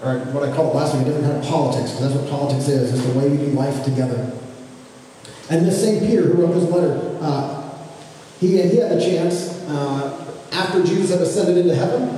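A man in his thirties preaching a conversational sermon as pastor, gentle and unhurried, often restarting his phrases. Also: on the high side. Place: church sanctuary. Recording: echoey hall, from far off, faint noise.

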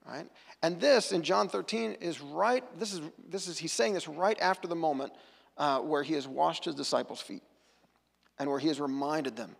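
A man's voice: a little high, lively intonation, moderate pace, vocal fry, slightly rough. A man giving a sermon as pastor, earnest and conversational, often restarting his sentences. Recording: long church hall reverb.

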